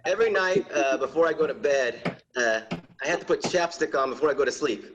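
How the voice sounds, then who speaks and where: A man's voice: medium pitch, animated, brisk, muffled recording, background noise. A man doing a chatty stand-up set over a video call, acting out little voices in his bits. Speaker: stand-up comedian.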